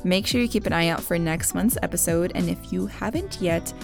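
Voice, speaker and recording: A woman hosting a podcast, reading an upbeat promotional outro. Her voice sits on the low side with a gravelly edge. Clear plucked guitar music plays underneath her. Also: a little fast. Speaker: podcast host.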